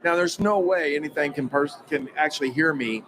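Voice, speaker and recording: Excitable man telling a story. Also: fairly high pitch, a little fast, background noise. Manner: acts out quoted dialogue, excitable, emphatic. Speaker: guest recounting a personal experience. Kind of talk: animated spoken storytelling.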